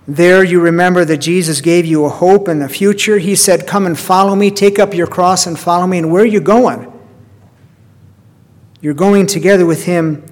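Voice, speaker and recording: A man preaching a sermon in a slightly higher voice, earnest and deliberate, softening to a hushed tone on the prayer lines. His words ring out with a long reverb, as in a church. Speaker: pastor.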